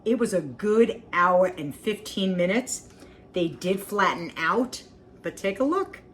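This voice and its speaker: A woman's voice: medium pitch, animated, slow, slight background noise. A woman hosting a casual cooking vlog, homey and talkative, repeating herself and humming as she tastes. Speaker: cooking vlogger.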